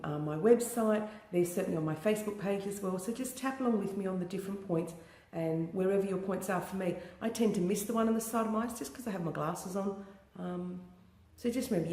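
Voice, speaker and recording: A tapping coach guides listeners through a session of spoken affirmations, repeating each phrase slowly and gently. The voice sits at a middle pitch. The recording carries a roomy echo. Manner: slow, repetitive, soothing phrases. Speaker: EFT tapping practitioner.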